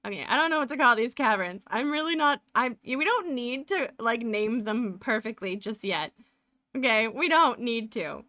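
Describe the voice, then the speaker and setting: A woman's voice: a little high, animated, measured pace, sharp tone, no echo, studio quality. A woman live streaming as she draws, chatting casually and rambling as she narrates her work and often laughs. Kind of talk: casual chat while drawing live.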